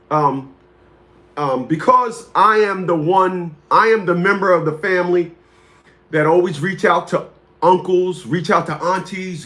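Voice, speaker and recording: A man's voice: sits high, a bit bright. A man in his fifties hosting a talk show, telling a story in a rambling, casual way, repeating words and greeting viewers by name. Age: 50s.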